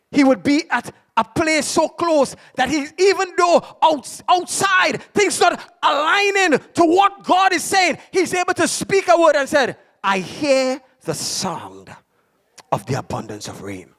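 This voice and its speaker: A pastor preaches with fervor, swinging between storytelling and shouted declarations. His voice sits unusually high for a man, with a gravelly fry and a lively, swooping pitch. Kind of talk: sermon.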